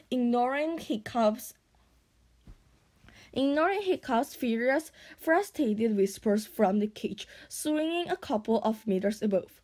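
A woman reading a children's storybook aloud, unhurried, often stumbling on a word and starting it again. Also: fairly high pitch, a little mellow. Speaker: audiobook reader.

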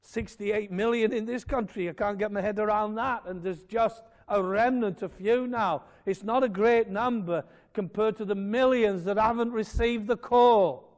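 A man preaching a fervent sermon in a church, swelling to loud emphatic peaks and dropping to quiet asides. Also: high-pitched, moderate pace, few pauses. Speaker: pastor.

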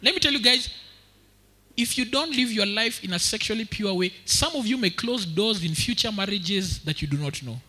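A young Kenyan man preaching with a high, piercing, brilliant voice. He tells his story with lively energy and slips into street slang. The sound rings out through a large hall with a long echo. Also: moderate pace. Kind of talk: storytelling sermon. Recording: echoey hall with long reverb.

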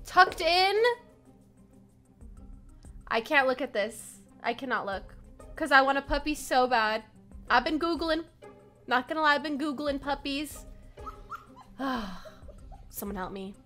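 A young woman with a high, bright voice gushes and giggles her way through reaction commentary. Her pitch swings widely and she takes her time between phrases. Faint music plays under her voice. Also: lively intonation, a little slow, pauses often. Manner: gushing and giggly. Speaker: host reacting to pet videos.

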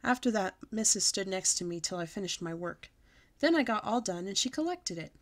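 A woman reads a children's book aloud at storytime in a middle-pitched voice. She tells it in a lively, childlike first person. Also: a little fast. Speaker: storytime reader.

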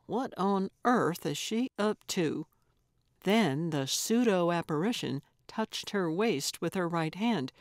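Woman audiobook narrator, measured storytelling, slow pace, dry studio sound. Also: lowish voice, darkish tone, no echo. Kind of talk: scripted narration.

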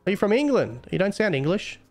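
A young man chats on a live stream, his voice sitting fairly high. He teases and mocks the players he talks to, keeping a playful, goading tone throughout. Light music plays faintly behind him. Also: sing-song, fast talker, a little mellow. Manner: teasing, mocking, playful. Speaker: game server admin streamer. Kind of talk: casual live-stream chat.

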